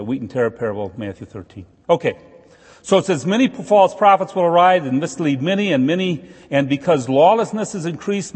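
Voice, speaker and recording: A man's voice: medium pitch, darkish tone, breathy edge, in a large hall. A man giving informal Bible teaching with a conversational manner, jokey asides and emphatic stresses.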